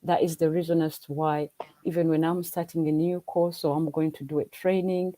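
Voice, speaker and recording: Speaking in a low, warm voice with little pitch movement, this Ugandan woman talks briskly as a livestream guest. English is not her first language, and during the earnest, casual video-call chat she frequently repeats herself when starting over. There's no echo, though the recording is rough.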